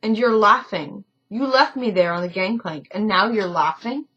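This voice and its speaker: A woman's voice: mid-range voice, normal speed, lo-fi sound, close to an everyday voice. A woman doing an indignant young passenger. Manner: indignant, complaining.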